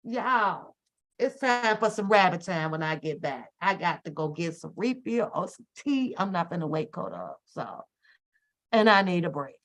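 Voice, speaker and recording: A woman's voice: on the low side, moderate pace. Exasperated woman ranting on a live stream. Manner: animated, exasperated, profane ranting. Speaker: host. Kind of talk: casual live-stream chat.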